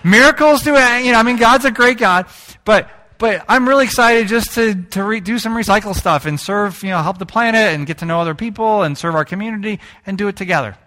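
A man preaching a sermon, telling stories in an animated way and joking with the congregation. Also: high voice, fast talker. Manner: animated storytelling, jokes with the congregation. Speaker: pastor.

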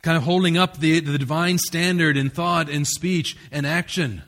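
A man delivers a sermon as pastor, his voice sitting a little higher than most men's. He preaches in an earnest, emphatic way, pressing his points and sometimes restarting a phrase. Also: fairly even intonation, normal speed, a bit bright.

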